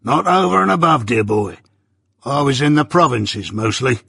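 A man voicing a rough old male ex-convict in an audiobook, with rough rustic speech and a habit of saying "dear boy". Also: mid-range voice, expressive, normal speed, sharp tone, no echo, studio quality, full character voice. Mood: gruff, wary. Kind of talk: audiobook character voice.

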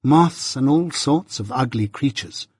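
A man's voice: medium pitch, expressive, measured pace, darkish tone, slightly rough, no room sound. A man voicing a proud, cold young woman who answers in a clipped, scornful, aloof way, read as part of an audiobook. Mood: cool. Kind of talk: audiobook character reading.

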